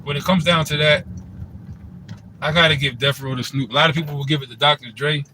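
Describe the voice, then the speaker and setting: A man's voice: a little high, steady tone, a little fast, pushed and bright, slight background noise, rough recording. A man in a casual commentary monologue, laid-back and rambling, with the loose phrasing of a host talking to his channel. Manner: laid-back, rambling, frequent "you know what I'm saying".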